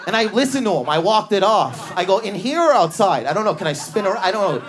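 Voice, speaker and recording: Canadian male stand-up, high voice, animated storyteller, loud laughing club crowd; live stage mic. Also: fast. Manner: animated storytelling, shouting put-on voices of other people. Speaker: stand-up comedian. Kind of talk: stand-up routine. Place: comedy club stage before a live audience. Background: audience laughter.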